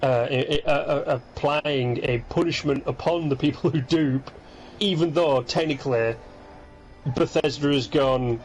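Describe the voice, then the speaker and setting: A man co-hosting a casual gaming chat, sleepy and rambling, breaking off mid-sentence to act out quick impressions. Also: medium pitch, soft background music, poor audio. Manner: rambling, self-interrupting, animated impressions. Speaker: podcast co-host.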